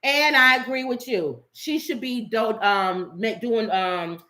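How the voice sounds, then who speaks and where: A woman's voice: a little high, takes it slowly, sharp tone. A middle-aged woman co-hosting a family vlog, chatting casually and giving strong opinions. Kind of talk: casual chat.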